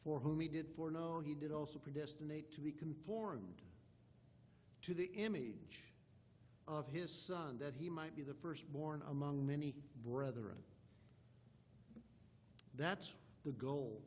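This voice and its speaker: A man's voice: on the high side, unhurried, long pauses, darkish tone, a little hiss or hum. A man, a pastor, preaching an emphatic sermon and reading scripture aloud in old-fashioned wording from a church sanctuary.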